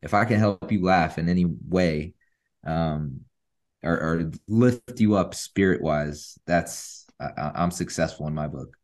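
A man's voice: deep voice, unhurried, darkish tone. A man guest on a podcast speaking earnestly in casual chat, often restarting his words.

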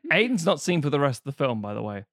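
A man, recapping a film on a podcast in a casual, sweary, mocking way, putting on quick voices for the characters. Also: fairly high pitch, very animated, fairly bright tone, no echo, clean studio sound. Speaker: podcast co-host.

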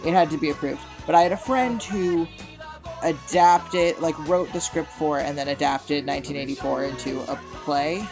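Low-voiced young woman telling stories. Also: normal speed, creaky, music in the background. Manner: animated storytelling with quoted voices. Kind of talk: casual chat.

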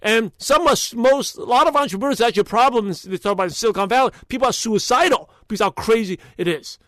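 High-voiced energetic male podcast host. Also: quick pace, no room sound, clean studio sound. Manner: energetic and emphatic, motivational; rambling, with frequent restarts. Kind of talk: solo podcast monologue.

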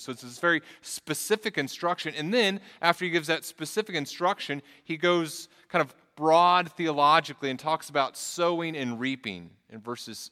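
A man's voice: fairly high pitch, sharp tone. A middle-aged man preaching a sermon as pastor in a church, earnest and conversational, often restarting his sentences. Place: church sanctuary. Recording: long reverb in a large hall.

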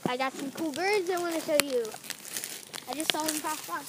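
A teenage girl with a very high voice trades dry, teasing comebacks while out on a park walk. She is recorded outdoors, with clear open-air noise all around her. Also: brisk. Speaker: birdwatching companion. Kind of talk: casual walking chat.

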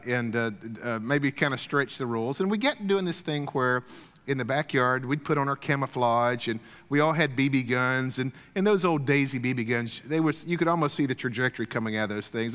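Man, middle-aged, folksy sermon storytelling, frequent throat clearing, long hall echo. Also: mid-range voice, a bit bright. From Deep South, USA. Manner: folksy, clears his throat often, many fillers and restarts. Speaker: speaker at a church gathering.

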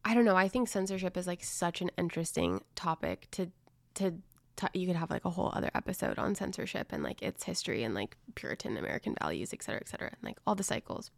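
A woman guest on a podcast, talking in a chatty, animated way about teaching, full of likes. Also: fairly low pitch, quick pace, vocal fry, no echo, clean studio sound. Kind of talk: casual chat.

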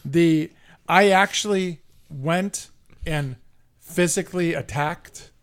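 A middle-aged man hosting a casual sports podcast, telling a heated story in a profane, animated way. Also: a little high, slow, smooth. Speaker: podcast host.

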